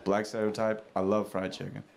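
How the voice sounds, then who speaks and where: A man performing a stand-up comedy set with a sardonic, deadpan delivery. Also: fairly low pitch, fairly quick, gravelly. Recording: comedy club set with audience laughter. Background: crowd laughter.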